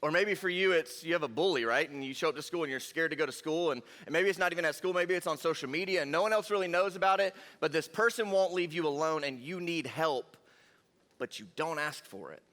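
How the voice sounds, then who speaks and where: A young man giving a lively, jokey youth sermon and talking straight to the crowd. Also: on the high side, fast. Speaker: youth pastor. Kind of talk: energetic youth sermon storytelling. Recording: long hall reverb.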